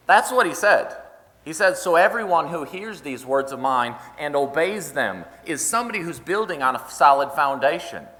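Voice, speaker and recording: A man's voice: fairly high pitch, lively intonation, normal speed, bright, forceful tone, in a large hall. A man preaching a sermon in a church, earnestly and conversationally, quoting scripture and explaining it plainly. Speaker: pastor. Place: church sanctuary.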